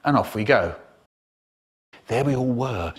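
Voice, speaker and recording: A man telling a comic story in an animated way, with sudden high bursts. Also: unhurried, husky. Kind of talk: comic storytelling, spliced clips.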